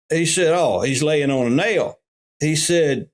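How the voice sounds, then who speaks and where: A man's voice: fairly high pitch, normal speed, gravelly. A middle-aged man with a Southern US accent, a pastor telling folksy stories in a podcast interview. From Alabama. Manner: folksy, animated when quoting others.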